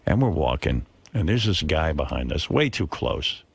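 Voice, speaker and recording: A middle-aged man hosting a radio show, telling a self-deprecating, profane story in casual chat with lively quoted voices. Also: extremely low pitch, normal speed, vocal fry, breathy edge, dry recording. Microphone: studio broadcast mic.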